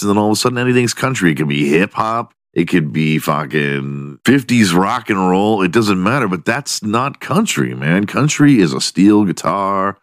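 A man's voice: sits low, dry recording, clean studio sound. A man hosting his own podcast, rambling crudely through a comedic monologue and laughing at his own jokes. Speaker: podcast host.

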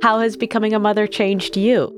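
A woman interviewing a guest, asking gentle follow-up questions. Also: medium pitch, little pitch movement, fairly quick, over music.

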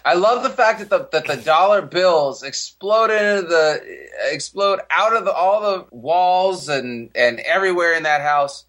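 Male co-host, sarcastic, slightly high, halting restarts. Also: lively intonation, a bit bright. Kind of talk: casual movie discussion.

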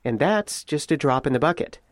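A man reading a scripted radio news report in a measured, even storytelling way. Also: fairly high pitch, dry recording. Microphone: close studio mic.

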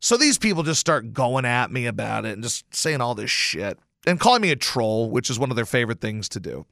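A man hosting a podcast, delivering a casual, profane, animated rant on his own. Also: mid-range voice, a little fast, vocal fry, dry recording, clean studio sound. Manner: animated and profane, swears often. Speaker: podcast host. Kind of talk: casual ranting monologue.

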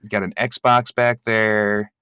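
A man's voice: fairly low pitch, flat delivery, slow, bright, forceful tone, smooth, no room sound, clean studio sound. A man co-hosting a podcast, chatting casually and joking in playful banter. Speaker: podcast co-host. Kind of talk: casual chat.

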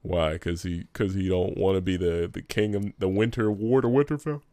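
A man co-hosting a casual podcast over a video call, animated and joking, laughing often and using slang. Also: low voice, moderate pace, no echo. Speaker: podcast co-host.

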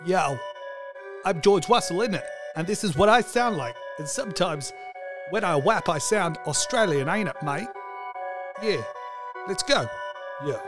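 A man's voice: sits high, expressive, measured pace, long pauses, music in the background. A man putting on a cocky young male racing driver, who raps crude boasts. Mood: swaggering.

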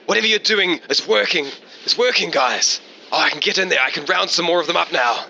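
A man putting on an eager young fellow over the radio, who rattles off his words in a raised, brisk voice. He sounds keen and breathless with news in this tabletop game scene. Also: a little high, lively intonation, vocal fry, sharp tone, lo-fi sound, slight background noise, voice pushed up, exaggerated voice. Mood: excited. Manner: eager and talking fast.

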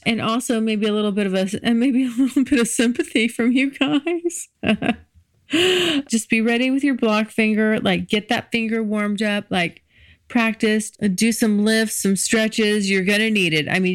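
Woman podcast host, candid solo chat, mid-pitched voice, dry close sound. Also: dry recording. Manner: frank, chatty, laughs easily. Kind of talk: casual solo podcast monologue.

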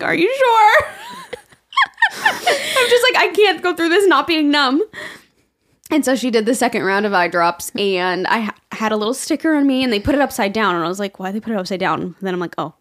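Animated young woman telling a story. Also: mid-range voice. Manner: animated, acts out quoted people in raised voices, laughs often. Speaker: podcast co-host. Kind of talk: casual storytelling chat.

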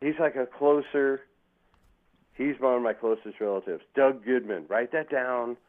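A man's voice: medium pitch, measured pace. A man telling rambling, profane stories as a guest in casual chat, acting out quotes with lots of swearing. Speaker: podcast guest. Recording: tinny phone-like line.

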